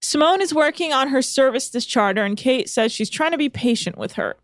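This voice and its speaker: A woman's voice: high-pitched, lively intonation, a little fast, no room sound, clean studio sound. A young woman co-hosting a casual podcast, recapping a reality show in a chatty, sarcastic way and laughing often. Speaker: podcast co-host.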